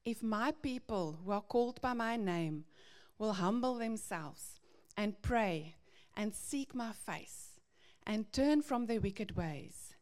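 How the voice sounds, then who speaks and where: Slow, earnest woman teaching on faith. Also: mid-range voice. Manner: earnest, gently confessional, reads Bible verses. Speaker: speaker teaching parents. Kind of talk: devotional teaching talk.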